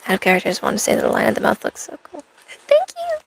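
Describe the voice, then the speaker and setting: Sarcastic cosplay streamer woman, gravelly fry. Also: mid-range voice, wildly swooping pitch, racing, a little hiss or hum. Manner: sarcastic, rambling banter with chat. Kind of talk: in-character cosplay stream chat.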